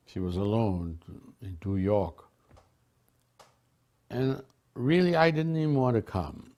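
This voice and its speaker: An older man from a Caribbean island telling personal memories in a relaxed, chatty way, laughing often and restarting his sentences. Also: lowish voice, takes it slowly. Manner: warm storytelling with frequent laughs and restarts. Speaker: devotee sharing memories. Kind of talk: casual reminiscence.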